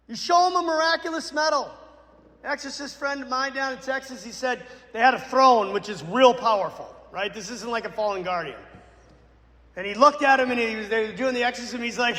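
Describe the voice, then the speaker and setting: Priest guy preaching, goes loud then real quiet, super echoey room. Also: high-pitched, fairly quick. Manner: dramatic storyteller, swings between loud bursts and hushed lines. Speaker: Catholic priest. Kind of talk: sermon storytelling. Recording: echoey church with long reverb.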